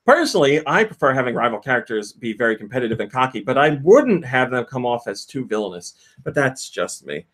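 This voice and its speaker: A man's voice: medium pitch, sing-song, brisk, few pauses, a bit bright. A man hosting a casual podcast, reading out news and telling stories with frequent laughs. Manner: reads out quotes and news, laughs often. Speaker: podcast host.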